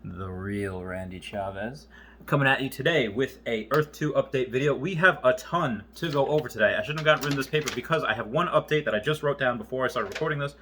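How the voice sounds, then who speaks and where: A man's voice: mid-range voice, fast talker, few pauses, fairly bright tone, slight background noise. A young man giving a casual vlog update, rambling as he reads aloud from handwritten notes. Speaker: gaming and investment YouTuber.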